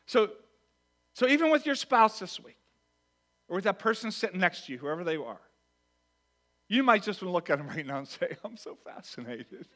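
Bright high-voiced male pastor preaching. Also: fairly quick, long pauses. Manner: animated, swings from hushed to loud acted quotes. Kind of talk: sermon. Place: church with congregation.

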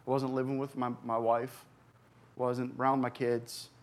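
A man in his forties, a recovery pastor, telling his personal story from a church stage, earnest and halting with many fillers and restarts. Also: mid-range voice, level tone. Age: 40s.

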